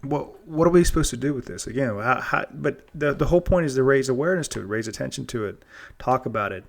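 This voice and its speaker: A man's voice: medium pitch, fast talker, gravelly. A man hosting a casual monologue show, rambling and earnest, often restarting and repeating words. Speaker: podcast host.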